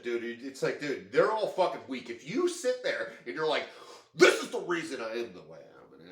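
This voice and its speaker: A man venting in an intense, profane monologue, leaning heavily on filler words. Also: a little high. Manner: heavy use of filler words. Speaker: vlogger. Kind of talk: emotional monologue. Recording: echoey room.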